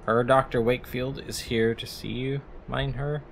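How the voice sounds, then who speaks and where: A man's voice: medium pitch, little pitch movement, normal speed, gravelly, slight background noise. A man streaming a game live, commenting wryly and reading the on-screen text aloud. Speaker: gaming streamer.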